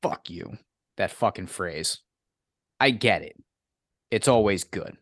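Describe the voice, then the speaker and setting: A very low-voiced man co-hosting a podcast, blunt and clipped, swearing freely. The recording is dry and close, with no room sound. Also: expressive, slow pace, fairly bright tone, no echo. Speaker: podcast co-host. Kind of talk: casual chat.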